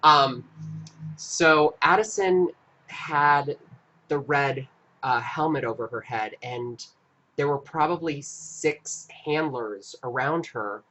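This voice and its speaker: Guy on a live stream telling a story, bright sharp voice, lots of stops and restarts. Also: a little high, a little hiss or hum. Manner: earnest, halting recounting with frequent restarts. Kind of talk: casual storytelling.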